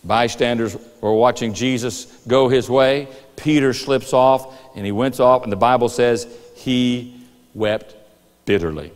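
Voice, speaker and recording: A man's voice: mid-range voice, unhurried. Preaching man in a reverberant church. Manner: animated storytelling with acted-out voices and rooster calls. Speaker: pastor. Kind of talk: sermon. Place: church sanctuary.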